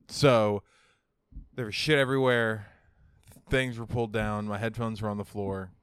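Chill young guy on a home podcast, lowish voice, dry close mic, cusses a lot. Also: fairly even intonation, normal speed, pauses often, fairly bright tone, smooth, no room sound. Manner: laid-back, swears a lot, flares up when ranting. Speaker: podcast co-host. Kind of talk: casual podcast chat. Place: home room.

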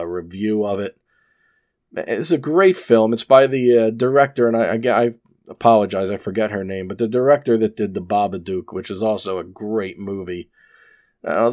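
A man with a slightly low voice reads an article into his microphone. He sounds relaxed and chatty. He often stumbles into asides and filler words before finding his way back to the text. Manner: reads an article aloud, breaking off into rambling asides with frequent fillers. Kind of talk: casual reading and commentary. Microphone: desk microphone.

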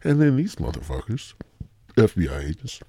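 A man's voice: lowish voice, very animated, moderate pace, vocal fry, warm tone, slightly rough, no echo. A man from the American Midwest hosting a podcast and telling a rambling, profane comic story. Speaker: podcast host.

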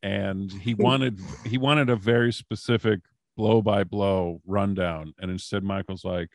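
A man who is a comedian and former wrestling writer, telling animated backstage anecdotes in a casual podcast chat. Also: on the low side, a little slow, no room sound, clean studio sound. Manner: animated anecdotes, frequent fillers.

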